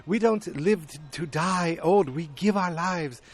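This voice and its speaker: A man's voice: high-pitched, unhurried, pitched above the performer's own voice. A man voicing a stern elderly woman who leads a cult and lectures insistently and solemnly.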